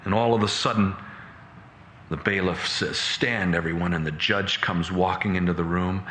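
A man preaching, telling a dramatic story with animated, halting retelling, in an echoey room. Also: sits low, slight background noise. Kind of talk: sermon storytelling.

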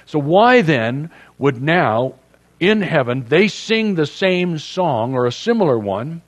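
A man's voice: fairly high pitch, sing-song, slow pace. A man preaching a sermon as a pastor, in a conversational, joking storytelling manner.

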